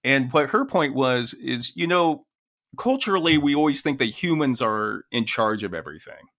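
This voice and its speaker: A man co-hosting a podcast in casual chat, talking in halting phrases full of restarts. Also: mid-range voice, very animated, fairly bright tone. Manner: halting, restarts phrases, reads poetry aloud. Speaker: podcast co-host.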